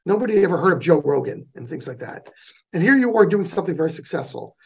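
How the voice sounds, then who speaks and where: A man with a New Jersey accent, talking quickly and with energy as a guest in a casual interview. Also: a little high, vocal fry, husky, highs cut off. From North New Jersey. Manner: fast-talking, animated. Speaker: guest, charity president.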